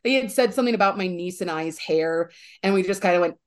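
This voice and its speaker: A woman sharing a fan story in casual chat, animated and often laughing as she acts out what people said. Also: on the low side, fast.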